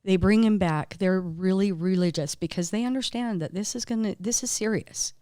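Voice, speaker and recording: A woman's voice: medium pitch, moderate pace, dark tone, no room sound, studio quality. A woman acupuncturist, a guest in an interview, telling stories in a heartfelt, emotional way. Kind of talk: casual interview conversation.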